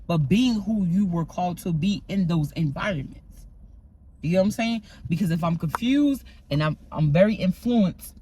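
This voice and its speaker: A woman's voice: on the low side, a little mellow, husky, rough recording. A woman giving a casual, emphatic faith talk to her viewers, often checking in with "right?" as she goes. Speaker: faith vlogger. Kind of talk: casual spiritual talk to camera.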